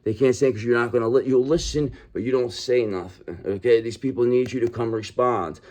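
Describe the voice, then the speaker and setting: A man giving a casual, animated tarot reading, bluntly swearing and checking in with "okay?" after nearly every sentence. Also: medium pitch, a little fast. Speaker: tarot reader.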